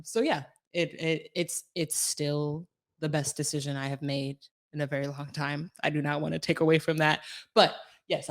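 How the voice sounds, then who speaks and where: A health coach co-hosting a health podcast explains things chattily, slipping in little acted-out asides during the casual conversation. Her voice sits low and is creaky.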